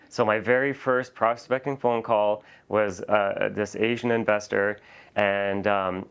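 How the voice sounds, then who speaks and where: Smooth-voiced man telling stories. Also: on the low side. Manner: rambling, self-deprecating, animated anecdotes. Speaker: real estate coach, guest. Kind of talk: casual storytelling interview.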